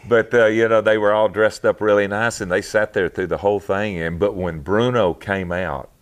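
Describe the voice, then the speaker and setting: A very low-voiced man recounts old memories in a casual interview. He talks in a halting, rambling way, full of fillers and restarts, and breaks into laughter often. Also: fairly even intonation. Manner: laughs often while telling stories. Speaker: interview guest, former wrestler.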